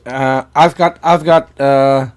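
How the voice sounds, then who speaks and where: A man whose first language is Dutch chats on a casual podcast panel. He speaks haltingly, repeating words and filling pauses with "uh". His pitch sits mid-range for a man. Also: steady tone, smooth.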